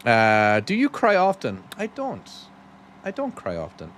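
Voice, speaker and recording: A man with a Cork Irish accent, worn down by life in America, chats easily with his viewers and talks himself through each move. His pitch rises and falls a lot as he talks. A faint hiss sits under his voice. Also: huge pitch swings, a little slow, fairly bright tone. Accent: Cork Irish, softened by years in America. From Ireland. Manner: chatty, thanks viewers, talks to himself while driving. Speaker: streamer. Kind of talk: casual live-stream chat while playing.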